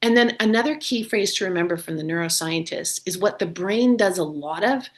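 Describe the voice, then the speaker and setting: A woman's voice: on the low side, brisk. Earnest woman giving a webinar talk. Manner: earnest, encouraging, repeats phrases for emphasis. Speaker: neuroscience author and webinar speaker.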